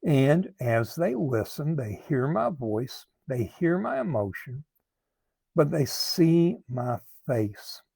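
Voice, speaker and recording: An earnest man talks as a recovery coach, taking his time and restarting phrases as he thinks. His voice is mellow and gravelly with a husky edge. The sound is dry and close. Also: mid-range voice, very animated, no room sound. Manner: slow, earnest, repeats words while thinking. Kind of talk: talking to camera, advice monologue.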